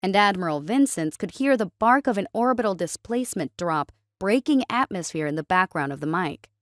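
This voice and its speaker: A woman narrates a story in an even, steady reading voice at a middle pitch. The sound is dry and close, with no room echo. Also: fairly quick.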